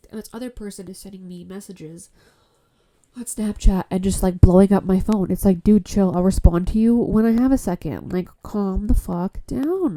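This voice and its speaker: Podcast host: a worn-out woman from Canada with a blocked nose, mellow tone, blunt and profane, chatting solo into a phone. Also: mid-range voice. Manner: rambling, frank, swears often. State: stuffy nose; tired. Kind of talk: casual solo podcast chat. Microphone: phone mic.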